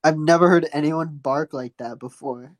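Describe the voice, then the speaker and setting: A man's voice: on the high side, normal speed, dry recording. A man hosting and judging in casual chat, teasing and comically stern. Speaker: host and judge.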